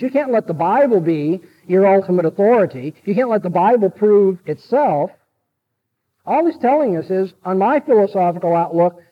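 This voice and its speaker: A man's voice: high voice, phone-quality sound. A man giving a classroom lecture, emphatic and repeating key sentences so students can note them.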